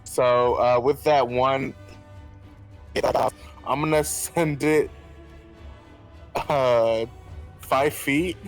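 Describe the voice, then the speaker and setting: A man's voice: medium pitch, fairly even intonation, drawn-out words, pauses often, faint music behind. A man playing a tabletop game, talking offhandedly with hesitant fillers. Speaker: player. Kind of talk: casual game talk.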